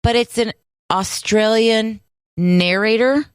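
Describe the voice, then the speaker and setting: A woman co-hosting a casual podcast chat, relaxed and dryly amused, reassuring her co-host. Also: a little high, slow, clear, resonant tone, dry recording, clean studio sound.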